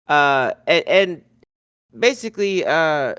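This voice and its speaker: A podcast co-host loosely recaps a wrestling show, filling in with fillers and correcting himself as he goes. His voice is on the high side, unhurried, fairly bright, clear, and resonant, with clean studio sound and no room noise.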